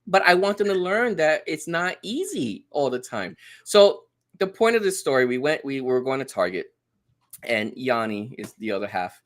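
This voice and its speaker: Animated man telling a family story. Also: mid-range voice, moderate pace. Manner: animated storyteller, acts out quotes. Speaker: podcast guest. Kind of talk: casual chat.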